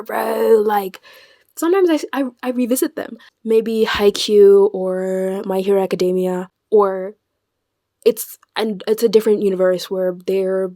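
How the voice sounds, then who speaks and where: A young woman talks straight to camera in a loose, chatty vlog style. Her delivery is animated and dramatic, and she often stumbles and restarts her sentences. Her voice sits in a middle pitch and sounds dry and close. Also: unhurried, no echo. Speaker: vlogger. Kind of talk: casual chat.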